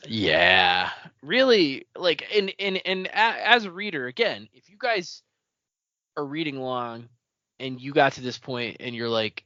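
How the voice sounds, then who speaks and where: A man co-hosting a casual book discussion, excitable, stumbling over restarts and laughing often. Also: medium pitch, a little slow, no room sound. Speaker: podcast co-host. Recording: dull lo-fi audio.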